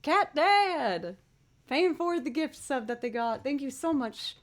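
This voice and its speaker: A woman's voice: sits high, animated, a little slow. A woman musician chatting casually on her livestream, bubbly as she thanks viewers one by one.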